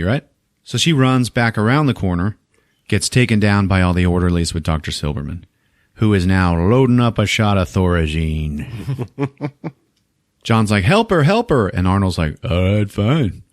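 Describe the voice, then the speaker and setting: Low-voiced, swearing podcast host. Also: male voice, no echo, studio quality. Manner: profane, animated, laughs often. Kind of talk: casual movie recap.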